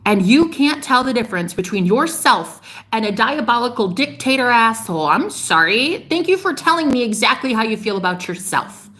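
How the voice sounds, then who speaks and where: A woman delivering a fiery, preachy monologue straight to her viewers, swearing freely and scolding them, with sharp jumps in pitch on her outbursts. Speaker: spiritual vlogger. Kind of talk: ranting monologue to camera.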